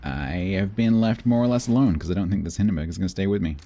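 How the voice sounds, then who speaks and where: A man's voice: lowish voice, rapid-fire, warm tone. A man chatting casually while streaming a naval battle game, muttering and making playful noises. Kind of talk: live gameplay commentary.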